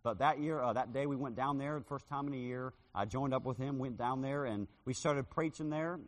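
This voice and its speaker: A man's voice: medium pitch, brisk, in a large hall. A man preaching a sermon, telling a personal story and acting out the voices of people in it. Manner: dramatic, acts out voices in his stories. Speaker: street preacher.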